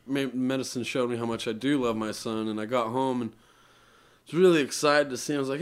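A man's voice: mid-range voice, fairly even intonation, fairly quick, clean tone. A young man, a musician guest on a podcast, telling a long personal story in an earnest, rambling way with many fillers.

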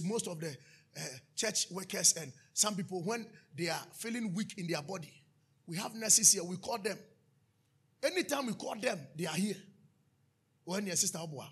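A male pastor preaches in a high, raspy, gravelly voice, bright and sharp in tone. He throws questions out to the congregation for call-and-response and breaks into sudden shouts. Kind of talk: sermon.

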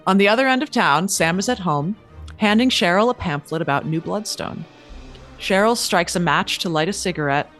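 A woman's voice: on the low side, fairly bright tone. A woman giving a scripted recap narration.

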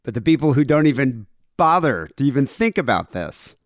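A man co-hosting a podcast, chatting in an irreverent, deadpan way. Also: mid-range voice, moderate pace, dry recording, studio quality. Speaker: podcast co-host. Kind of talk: crude casual chat.

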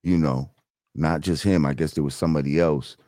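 A man's voice: extremely low pitch, no echo, clean studio sound. A middle-aged man with a New York accent hosting a podcast, chatting casually and cursing freely. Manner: animated, swears freely, drawn-out asides. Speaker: podcast host. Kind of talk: casual interview chat.

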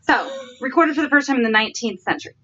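A woman's voice: high voice, expressive, racing, sharp tone. A woman co-hosting a podcast, reading facts from her notes and rambling in a giggly, self-deprecating way. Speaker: podcast co-host. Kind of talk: casual chat, reading notes aloud. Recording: slightly dull lo-fi recording.

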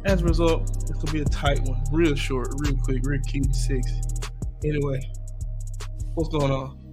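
A man's voice: fairly high pitch, flat delivery, moderate pace, over music. A man co-hosting a podcast in casual chat while sick and congested, playful and drawling. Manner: playful, sings silly bits, drawling. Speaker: podcast co-host.

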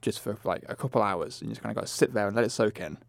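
Low-key man, hesitant podcast co-host. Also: rapid-fire, creaky, no echo. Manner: hesitant, drifts into a low mumble. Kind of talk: casual film review chat.

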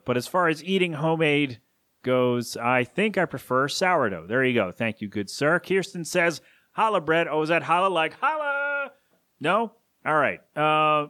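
A man's voice: medium pitch, bright, forceful tone, dry recording. A man hosting a solo podcast from his home studio, rambling casually with self-deprecating asides. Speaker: podcast host.

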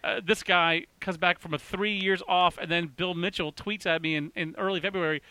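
A man hosting a casual baseball chat, talking fast and excitedly with lots of restarts. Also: high-pitched, no room sound. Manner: excitable, rapid, full of restarts. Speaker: baseball podcast host.

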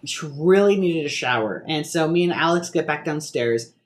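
Brief: young male podcast co-host, slightly higher voice, loose rambling delivery full of ums and jokes. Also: expressive, normal speed. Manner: rambling, joking, many fillers and restarts. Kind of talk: casual chat.

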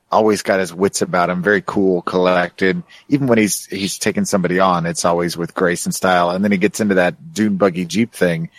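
A man's voice: sits low, dry recording. A man co-hosting a casual podcast, describing scenes in a thoughtful, detailed way. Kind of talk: casual chat.

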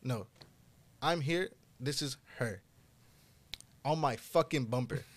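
A young man telling a wild story in casual podcast talk, swearing freely and getting loud and high-pitched when excited. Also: unhurried.

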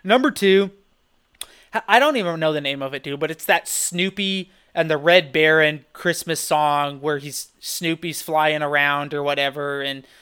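A man co-hosting a podcast, rambling in animated, loose chat with lots of restarts. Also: a little high, normal speed, clean tone. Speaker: podcast co-host. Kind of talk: casual chat.

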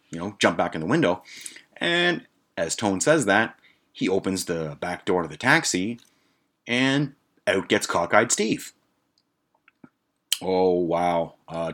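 A middle-aged man with a very low voice tells a long, rambling personal story as a podcast host. He talks casually and swears freely, with restarts and asides. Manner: profane, rambling, animated anecdote telling.

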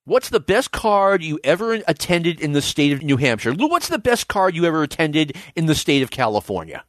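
Recorded in a clean studio without echo, a man in his fifties speaks a little high and a little fast while hosting a casual podcast, acting out shouted quotes as he animatedly tells stories.

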